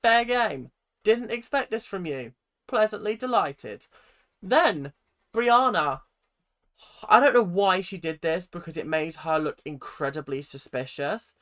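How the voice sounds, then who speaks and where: A woman's voice: fairly low pitch, lively intonation, measured pace, a bit bright. A woman, giving a chatty, casual recap of a reality TV show, acting out the people she quotes. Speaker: reality TV reaction vlogger.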